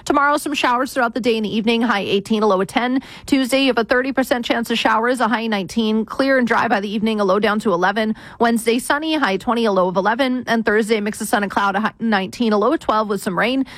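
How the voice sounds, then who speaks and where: A woman giving a brisk radio traffic and weather report. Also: fairly high pitch, no echo. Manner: brisk, rapid-fire delivery.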